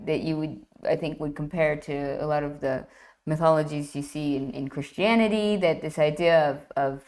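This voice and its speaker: A woman guest retelling an ancient myth in lively, enthusiastic conversation, often restarting her phrases. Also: deep voice, moderate pace. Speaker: guest, classics writer. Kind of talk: animated myth storytelling in conversation.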